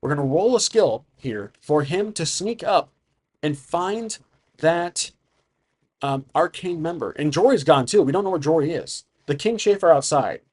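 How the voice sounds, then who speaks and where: A man's voice: a little high, animated, a little slow, a little mellow, breathy edge. A man narrating a solo tabletop game, improvising and thinking aloud about the rules.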